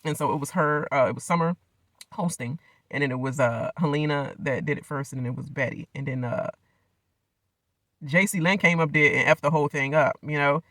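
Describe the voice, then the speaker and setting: A man with a slightly high, sharp-edged voice talks through a reality show episode in a loose, slangy, rambling way and laughs often. His voice sounds close and dry, with no room echo. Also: fairly quick. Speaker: reality show recap vlogger. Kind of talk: casual reality TV recap.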